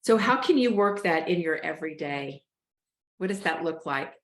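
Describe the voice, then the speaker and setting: A woman hosting a show, calmly coaching listeners through a breathing exercise. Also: fairly low pitch, normal speed, echoey room. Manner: calm, coaching, addresses listeners as "y'all". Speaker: host, life coach. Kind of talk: guided breathing instruction.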